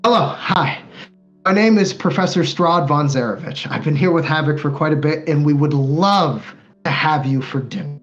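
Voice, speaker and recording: A man's voice: fairly high pitch, dull audio, faint music behind, natural voice. A man doing Strahd, an eager genteel vampire host. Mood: eager welcoming. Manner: overly polite, eager, hurried.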